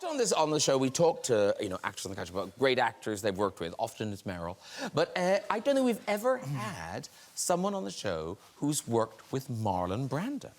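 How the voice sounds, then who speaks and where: A man hosting a television chat show, putting brisk questions to his guests in a studio. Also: mid-range voice, sing-song, background noise. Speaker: talk show host. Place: TV studio with audience. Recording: studio audience laughter behind.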